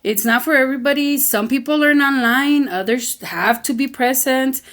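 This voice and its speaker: Animated, high-voiced woman guest. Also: normal speed. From El Paso, Texas. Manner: animated storyteller who acts out quotes and laughs often; frank, emphatic. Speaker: podcast guest, community founder. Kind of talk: casual conversation, switching into Spanish phrases.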